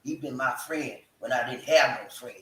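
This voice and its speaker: A man's voice: medium pitch, moderate pace, a bit bright. A man hosting a live stream, hyping viewers with call-and-response chants and preacher-like fervor. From American South. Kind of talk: hyped live stream chat. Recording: echoey room, mic at a distance.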